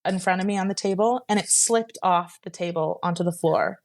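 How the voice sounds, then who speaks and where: A woman's voice: fairly low pitch, brisk, a little mellow. Young woman telling a personal story. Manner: rambling, heavy use of "like", laughs while telling. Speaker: guest sharing her story.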